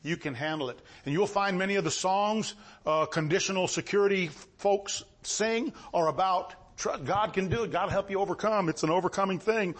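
A male preacher with a high voice delivers a sermon full of movement. He reads King James scripture in a measured, low tone, then swings up into excited, ringing exclamations.

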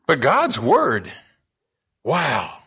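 A man's voice: mid-range voice, wildly swooping pitch, very slow, gravelly, bright, forceful tone, husky, muffled recording. A man preaching a sermon in an earnest way, building emphasis and often restarting his words as he speaks. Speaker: pastor.

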